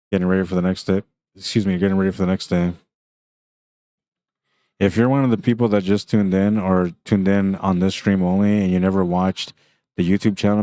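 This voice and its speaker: The recording is dry, and the man's voice is low. He's at the tournament venue doing laid-back, chatty live commentary on a pool stream, laughing frequently and reading viewer comments between shots.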